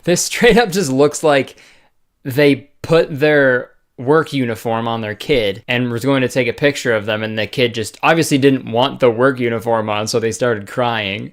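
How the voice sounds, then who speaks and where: A man's voice: medium pitch, moderate pace, faint music behind. Sarcastic young man riffing on camera. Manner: sarcastic, swears, laughs often. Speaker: comedy video host. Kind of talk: casual comedic commentary.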